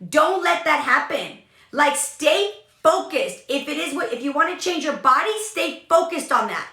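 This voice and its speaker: A young woman gives a motivational talk with lots of emphasis and repetition. Her voice sits high and bright. The room around her is echoey. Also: moderate pace. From California. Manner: emphatic, energetic, repeats for emphasis. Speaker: podcast host, business coach.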